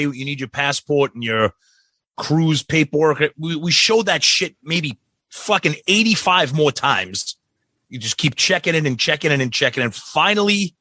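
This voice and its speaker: A man's voice: medium pitch, sharp tone, dry recording. A man co-hosting a podcast, recounting a trip in a casual, profane way. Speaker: podcast co-host. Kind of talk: casual chat.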